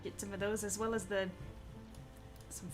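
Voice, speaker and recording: A woman's voice: mid-range voice, little pitch movement, moderate pace, faint music behind. A woman hosting a game live stream, chatting casually while she plays and explains rewards.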